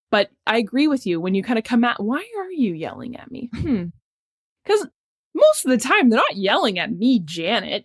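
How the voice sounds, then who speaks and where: A middle-aged woman physician, a podcast guest, talking in a reflective, animated storytelling way with occasional laughs. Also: mid-range voice. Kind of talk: casual conversation.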